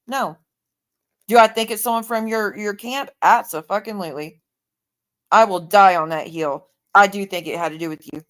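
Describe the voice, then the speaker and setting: A woman's voice: medium pitch, a little fast, a bit bright. A woman hosting a livestream, delivering a heated, profane rant and sounding tired. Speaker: livestream host.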